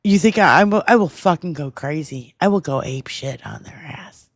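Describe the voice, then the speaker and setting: A woman's voice: deep voice, normal speed, dry recording, clean studio sound. A woman co-host ranting in a heated casual chat, furious and swearing heavily. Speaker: podcast co-host.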